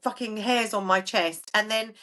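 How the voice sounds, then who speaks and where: A woman's voice: mid-range voice, moderate pace, pushed and bright. A woman hosting a casual podcast chat, bantering and swearing easily. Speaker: podcast host.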